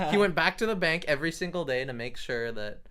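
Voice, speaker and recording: A man's voice: a little high, huge pitch swings, normal speed, a bit bright, clean tone. A man casually telling a funny family story to a friend, laughing often as he goes. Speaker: podcast co-host.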